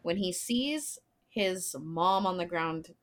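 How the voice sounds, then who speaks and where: A woman's voice: lowish voice, expressive, slow pace. A woman co-hosting a podcast, emphatically and profanely explaining what drives a film character. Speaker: podcast co-host. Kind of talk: casual chat discussing a film.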